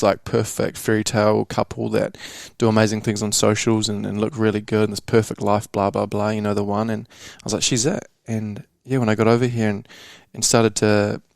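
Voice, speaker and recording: A man's voice: on the low side, completely flat delivery, brisk, creaky, few pauses, no echo, studio quality. A young man from New Zealand telling a candid personal story on a casual podcast, slangy and swearing, calling the host bro. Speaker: podcast guest.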